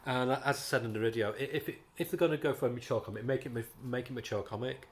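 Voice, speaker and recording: A man's voice: medium pitch, fast talker. A man with a British accent chatting casually about comics in a review vlog, rambling with frequent ums and restarts.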